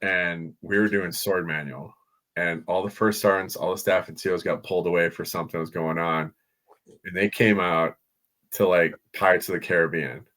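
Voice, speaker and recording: A very low-voiced man tells his story plainly and bluntly. His talk is dry and salted with crude slang, in an easygoing chat among friends. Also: steady tone, moderate pace, fairly bright tone. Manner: dry, blunt anecdote telling with salty slang. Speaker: podcast co-host. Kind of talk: casual chat.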